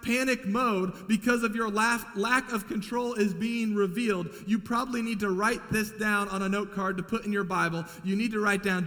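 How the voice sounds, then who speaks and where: A man's voice: sits high, pushed and bright. A man preaching a sermon as pastor, emphatic and repeating key lines for weight. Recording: long hall reverb.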